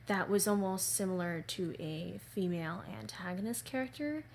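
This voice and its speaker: A woman voice actor recording a casual audition message, polite and hesitant with many pauses and fillers. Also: medium pitch, lively intonation, vocal fry, a little mellow, a little hiss or hum.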